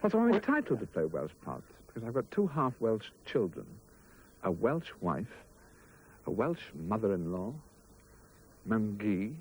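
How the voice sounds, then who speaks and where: Lively-voiced Irishman joking in an interview. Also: lowish voice, a little slow, slight background noise, rough recording. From Ireland. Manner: playful, restarts mid-phrase, laughs at own jokes. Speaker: actor being interviewed. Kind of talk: casual interview answers. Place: film location.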